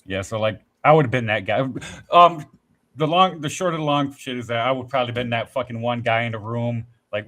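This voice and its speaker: A man's voice: medium pitch, fairly quick, bright, forceful tone. A man in casual podcast chat, telling rambling, profanity-laced stories with acted-out quotes. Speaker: podcast host.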